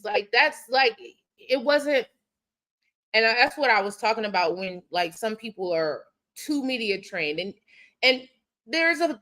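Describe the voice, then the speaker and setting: A woman who is a sports beat writer, talking casually on a podcast and often pausing with ums and restarts as she works through her thoughts. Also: a little high, sharp tone.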